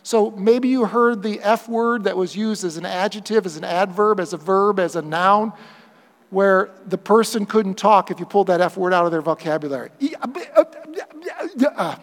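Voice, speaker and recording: Male pastor, high voice, lively sermon delivery with playful acted-out asides, long hall reverb. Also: normal speed. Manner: animated preaching, acts out quoted voices for humor.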